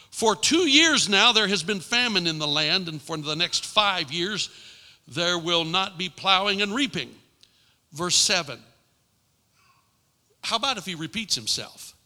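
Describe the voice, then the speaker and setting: Impassioned pastor preaching in an echoing hall. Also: male voice, high voice. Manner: impassioned, with emphatic repetition and sudden drops to a hushed voice. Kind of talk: sermon. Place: church sanctuary. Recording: long reverb in a large hall.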